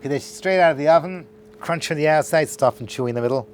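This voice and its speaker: A man's voice: on the high side, fast talker. A middle-aged man, a rabbi teaching a class, telling a long story with acted-out dialogue and joking asides to a live audience in a lecture hall.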